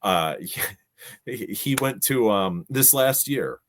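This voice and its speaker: Animated man telling stories. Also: fairly low pitch, slow pace, a little hiss or hum. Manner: animated storyteller, acts out quotes. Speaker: podcast guest, gaming show organizer. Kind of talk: casual storytelling.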